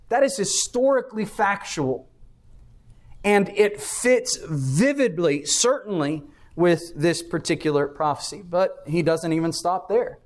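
A man preaching a sermon, explaining scripture and history with emphatic, steady delivery. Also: high voice.

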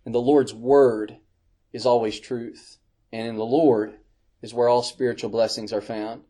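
Mellow-voiced man preaching a sermon. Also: mid-range voice, steady tone. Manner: earnest, emphatic repetition with slow stressed phrases.

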